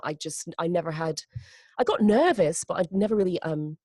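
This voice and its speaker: A woman's voice: on the low side, lively intonation, brisk, darkish tone, slight background noise. A woman guest speaking over an internet call in a casual podcast interview, playful and self-mocking. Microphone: remote call over the internet.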